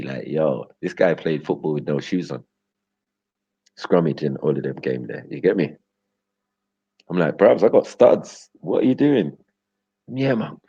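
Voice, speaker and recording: A man's voice: extremely low pitch, gravelly, husky. A man hosting a livestream, ranting casually and laughing, often asking "get me?". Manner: loose, slangy, laughing, keeps asking "get me?". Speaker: livestream host. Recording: dull lo-fi audio.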